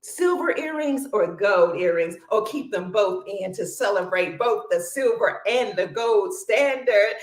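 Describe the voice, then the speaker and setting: A woman's voice: medium pitch, expressive, measured pace, few pauses, echoey room. A woman hosting a casual livestream, exuberant, greeting viewers, breaking into song and laughing often. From Cleveland, Ohio. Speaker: livestream host.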